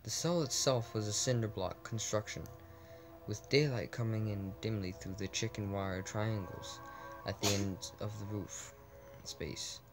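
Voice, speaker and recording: Man, low-ish voice, casual game reading, stumbling restarts, asides, faint background music. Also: a little slow. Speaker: let's play gamer reading aloud.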